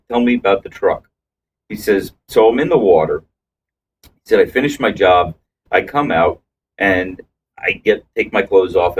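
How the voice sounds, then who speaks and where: A man's voice: low voice, far from the mic, muffled recording, slight background noise. A man co-hosting a casual podcast, telling long rambling anecdotes with restarts and acted-out quotes. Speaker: podcast co-host. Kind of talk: casual storytelling chat.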